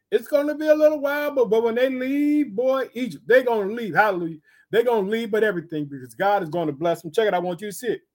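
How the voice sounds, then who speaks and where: A male preacher teaching from the Bible in a sermon, exhorting his listeners with frequent rhetorical questions and bursts of interjection. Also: sits high. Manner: punctuates with interjections.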